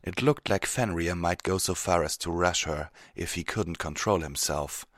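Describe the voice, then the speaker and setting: A man with a very deep voice reads a fantasy story aloud. His delivery is steady and measured, and the recording is dry and close. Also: dry recording. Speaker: narrator. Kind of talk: audiobook reading of fiction.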